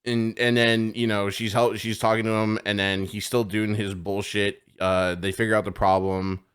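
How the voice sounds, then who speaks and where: A man with a fairly low voice chatting on a live podcast. He rambles through a story full of filler words and swearing, laughing along at his own anecdote in a loose, casual chat. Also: little pitch movement, normal speed, fairly bright tone, smooth. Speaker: podcast co-host. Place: home streaming setup.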